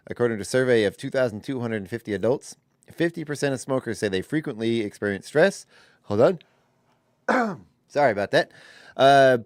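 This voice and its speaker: A man's voice: medium pitch, a little mellow, dry recording, studio quality. A man co-hosting a morning radio show, chatting casually, laughing easily and reading news items aloud with little restarts. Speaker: radio co-host.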